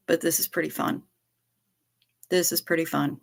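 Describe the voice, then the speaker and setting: A woman's voice: sits low, little pitch movement, moderate pace, vocal fry, long pauses. A woman hosting a livestream from home, chatting casually, rambling candidly and swearing freely. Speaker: livestream host.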